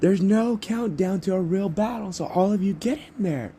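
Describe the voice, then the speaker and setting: A man voicing a loud, excitable male hero teacher in a homemade fan story. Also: high-pitched, moderate pace, slight background noise, voice pushed up. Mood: shouting. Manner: shouty, excitable.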